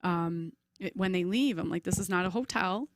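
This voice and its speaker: A woman in her forties, a podcast guest in casual chat, telling lively stories and acting out voices. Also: on the low side, moderate pace, dry recording, studio quality. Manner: chatty, animated storyteller, acts out voices.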